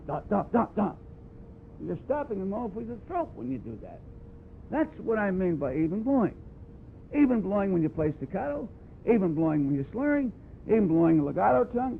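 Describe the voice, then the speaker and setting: This brass clinic features a man whose high, gravelly voice coaches students on breathing with wry, plainspoken bluntness, scatting phrases as demonstrations in a conversational teaching style. The recording is an archival tape, tinny and phone-like, with a faint hiss.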